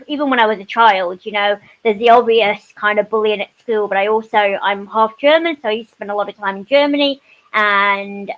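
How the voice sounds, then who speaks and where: A woman's voice: mid-range voice, muffled recording. A woman, a panel guest telling her stories in a casual chat with lots of "you know" asides. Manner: animated storytelling, frequent "you know" asides.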